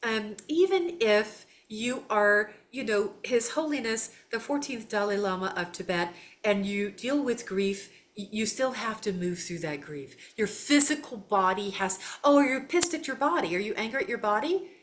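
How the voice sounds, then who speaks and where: A woman, a psychic doing casual readings on a live call, animated, folksy and quick to laugh. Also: mid-range voice. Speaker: psychic guest.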